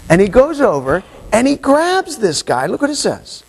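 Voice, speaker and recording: A man's voice: very high voice, unhurried, gravelly, few pauses, poor audio. A man preaching a sermon as a pastor, retelling a parable and acting out its characters' voices. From Hawaii. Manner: animated, acts out the parable's voices. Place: church.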